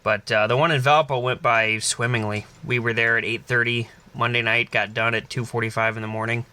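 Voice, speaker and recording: Bright-voiced laid-back young man. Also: mid-range voice, little pitch movement, fairly quick. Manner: laid-back, swears casually. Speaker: podcast co-host. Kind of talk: casual chat.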